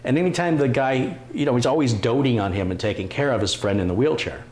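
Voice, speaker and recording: A man hosting a casual live stream, reading out viewer comments with quick asides and laughs. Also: mid-range voice, darkish tone. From Detroit, USA. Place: home computer workshop.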